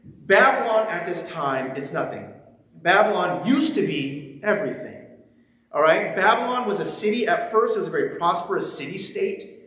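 After a scripture reading, this preacher talks with his congregation in a conversational, joking manner and keeps checking in with them. He sounds high-pitched, expressive, and slightly bright at a moderate pace, and the large hall is very echoey.

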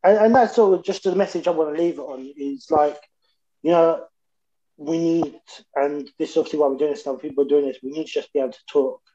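A man's voice: fairly high pitch, fast talker, dark tone, highs cut off, a little hiss or hum. A man, co-hosting a podcast and speaking in a heartfelt, hesitant way with many fillers. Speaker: podcast co-host. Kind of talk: casual podcast chat.

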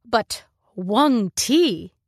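A woman's voice: mid-range voice, lively intonation, normal speed, dry recording, clean studio sound, natural voice. A woman voicing a sneering middle-aged mother who is a tough bounty hunter, in a read-aloud science fiction story. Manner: sneering, teasing. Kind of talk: scripted narration.

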